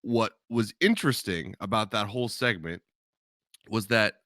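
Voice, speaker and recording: A man's voice: on the low side, normal speed, bright, forceful tone, no echo, studio quality. A man co-hosting a casual wrestling podcast in a laid-back, chuckling way. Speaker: podcast co-host.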